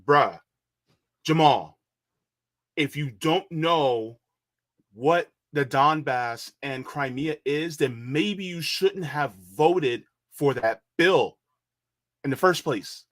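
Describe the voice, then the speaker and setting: A man on a political panel talks heatedly and animatedly, repeating himself, calling people "bruh," and mimicking others in quotes. His voice runs on the high side and he takes his time.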